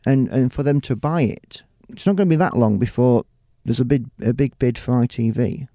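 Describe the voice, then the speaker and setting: In a relaxed interview, a middle-aged TV presenter and producer from the UK talks in a mid-range, dark-toned voice at a moderate pace. He meanders, with frequent restarts and plenty of "you know"s, and the recording is dry and studio-clean.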